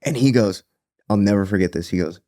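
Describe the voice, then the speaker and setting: Low-voiced podcast host, reflective. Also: male voice, a little fast, no room sound, clean studio sound. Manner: relaxed, reflective storyteller. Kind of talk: casual conversational interview.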